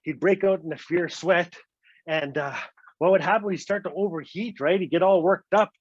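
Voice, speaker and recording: A storyteller from Canada's Northwest Territories, a man whose voice sits a little high, tells a funny folk story in a casual way. He's lively and playful at a moderate pace, repeating words for effect and ending lines with "eh". The audio is dull and very dry with no room sound, like a lo-fi online call.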